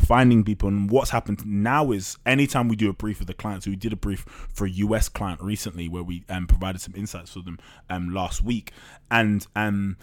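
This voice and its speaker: A man, a startup co-founder, talking openly and casually as a podcast guest, with loose slang and the odd swear. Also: lowish voice. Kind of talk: candid podcast conversation.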